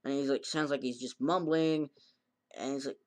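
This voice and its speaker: A man's voice: medium pitch, steady tone, normal speed. A man casually recapping an anime episode in a rambling way, acting out the characters' lines in a raised voice. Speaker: anime reviewer.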